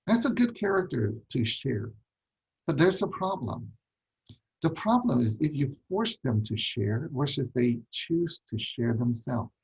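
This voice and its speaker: A man's voice: medium pitch, sing-song, measured pace, breathy edge, poor audio. A man teaching a ministry class on parenting, emphatic, repeating key points and asking rhetorical questions.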